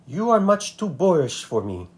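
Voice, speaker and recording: A man voicing a young female cockroach who is proud and sharp-tongued, in a storybook read-aloud. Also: fairly high pitch, sing-song, normal speed, voice pushed up. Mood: dry. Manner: dry, crisp put-downs.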